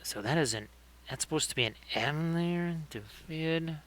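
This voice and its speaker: A man's voice: on the high side, lively intonation, measured pace, a bit bright. A man hosting a livestream, chatting casually and joking as he talks through painting his miniatures. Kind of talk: casual live commentary.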